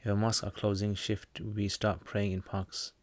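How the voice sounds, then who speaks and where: A British man hosts an informal livestream Q&A, reading viewers' questions about Islamic practice aloud and then answering them chattily. His low-ish voice is monotone and runs at normal speed, with no echo.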